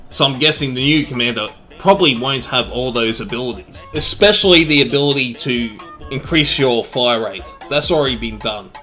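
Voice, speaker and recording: A man giving energetic, joking gameplay commentary, full of swearing and bursts of excitement. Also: mid-range voice. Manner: energetic, jokey, profane. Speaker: game commentator. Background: faint background music.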